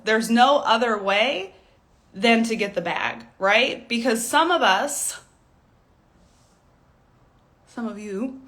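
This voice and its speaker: A woman's voice: high-pitched, bright, forceful tone. A woman in her thirties, a stylist business coach, giving a blunt, profane motivational rant with mocking impressions.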